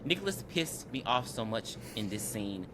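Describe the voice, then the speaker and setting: This podcast co-host speaks in a mid-range voice at normal speed, with background noise present. Their casual movie recap is animated, full of acted-out character lines, free swearing, and listeners being called baby.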